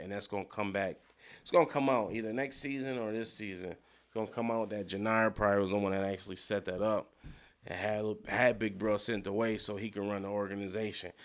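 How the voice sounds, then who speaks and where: A man casually recapping a TV episode, animated and slangy, with frequent swearing and acted-out character lines. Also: lowish voice. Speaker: TV show recap commentator.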